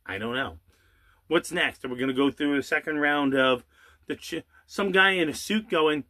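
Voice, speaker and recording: A man's voice: fairly high pitch, sharp tone. A man, the host of his own channel, delivering an angry, sarcastic rant with rhetorical questions and the odd curse, drawing out words for emphasis. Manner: drawls some words slowly for emphasis. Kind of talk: ranting monologue.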